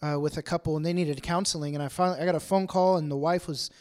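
Speaking quickly in a slightly high, steady, somewhat mellow voice, a pastor gives a chatty sermon in a room full of congregants, slipping into asides where he acts out everyday conversations.

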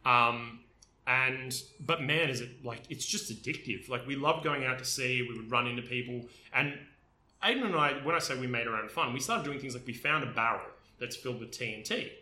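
A man with a very bright, forceful voice talks enthusiastically in a casual chat, piling up fillers as he tells his stories. The room is roomy and echoey around him. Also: medium pitch, a little fast. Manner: enthusiastic, storytelling with many fillers. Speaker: podcast co-host. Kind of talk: casual chat about games. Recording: roomy echo.

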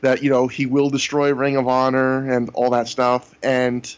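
Guy on a podcast just recapping stuff, lots of "you know", middle pitch. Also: completely flat delivery, normal speed, clear, resonant tone. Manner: recaps events at length with frequent "you know". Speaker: podcast co-host reviewing wrestling shows. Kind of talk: casual chat.

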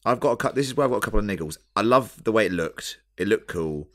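Brief: lower-voiced man, keen co-host, casual chatter. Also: lively intonation, quick pace, a bit bright. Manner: enthusiastic, says "like" often, swears. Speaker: podcast co-host. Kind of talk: casual chat reviewing a TV episode.

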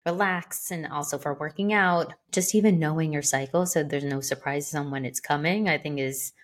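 A woman's voice: low-pitched, moderate pace. A woman co-hosting a podcast in casual chat, rambling along with lots of "like" and "you know.". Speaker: podcast co-host.

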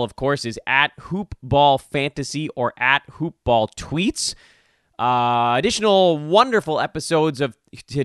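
A man hosts a chatty podcast with a slightly hoarse voice. His pitch swings widely as he jumps between announcements and jokey asides, all recorded close and dry. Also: no echo. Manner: animated, quick asides and mock-dramatic openings. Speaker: podcast host. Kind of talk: energetic podcast chat.

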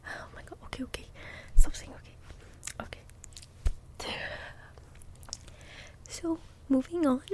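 Slow, whispering congested young woman. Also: high-pitched, creaky, darkish tone. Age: young adult. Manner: chatty, rambling storytelling with frequent "okay?". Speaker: ASMR creator. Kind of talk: soft-spoken ASMR chat.

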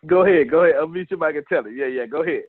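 A man leading a business coaching session on a video call. He talks in an animated way and addresses attendees by name. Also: on the high side, rapid-fire, slightly rough, no echo. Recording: tinny phone-like call audio.

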